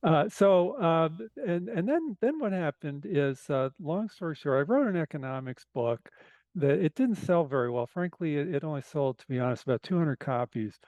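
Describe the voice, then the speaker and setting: Hoarse-sounding man telling a story. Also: a little high, moderate pace, dry recording. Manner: animated, self-deprecating storyteller with asides. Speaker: podcast guest. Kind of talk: casual storytelling.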